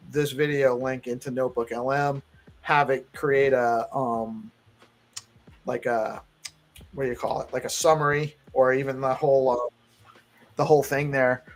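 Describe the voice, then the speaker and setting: A man's voice: medium pitch, fairly even intonation, moderate pace. A man hosting a live crypto news stream, chatting casually and eagerly with many restarts. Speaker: show host.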